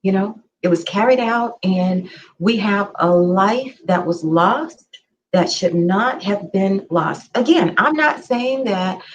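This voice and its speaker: A woman co-hosting a podcast, telling a story in casual conversation with earnest, emphatic repeats. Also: fairly low pitch. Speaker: podcast co-host. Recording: slightly dull lo-fi sound.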